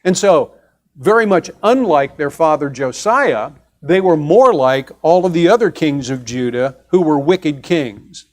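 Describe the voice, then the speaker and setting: Man teaching a Bible class, slightly high. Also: expressive. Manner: conversational, explains step by step with pauses and restarts; asks the class questions. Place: church classroom.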